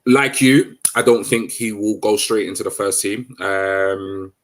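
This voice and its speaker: A man's voice: lowish voice, measured pace. A man co-hosting a casual football chat, thoughtful and a bit hesitant as he gives his views. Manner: thoughtful, hesitant, many fillers and restarts. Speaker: co-host.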